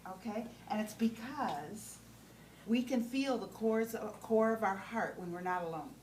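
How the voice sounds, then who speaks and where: A woman's voice: medium pitch, measured pace, a little mellow. A woman teaching a class on compassionate listening, often checking in with "okay?" and putting questions to the group. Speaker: trainer. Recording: roomy sound from a distant mic with faint background noise.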